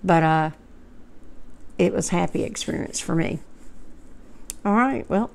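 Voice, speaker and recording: Woman in her 50s, folksy vlogger with a smooth, clear tone. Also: lowish voice, unhurried, darkish tone. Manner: heartfelt, rambling, folksy. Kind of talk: personal storytelling to camera.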